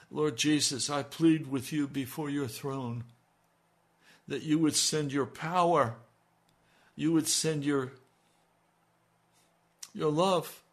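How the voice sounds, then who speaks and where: Slow, earnest male pastor. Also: on the high side. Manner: earnest, pleading prayer that rises in intensity. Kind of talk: radio sermon and prayer.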